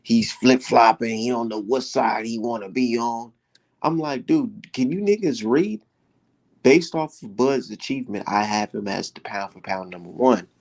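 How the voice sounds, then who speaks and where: A man's voice: fairly low pitch, creaky, a little mellow. A man co-hosting a casual boxing chat, talking bluntly with plenty of swearing and repeated phrases. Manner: blunt, profane, repeats himself. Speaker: boxing podcast co-host.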